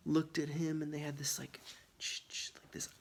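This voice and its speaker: A man telling a funny personal story in a casual, animated way, with lots of filler words. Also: on the high side, normal speed, creaky.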